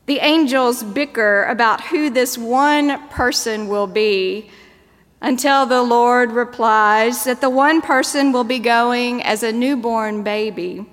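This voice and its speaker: Woman preacher giving a sermon, unhurried and a little high in pitch, telling a story in a long church reverb. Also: fairly bright tone. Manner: measured, storytelling delivery.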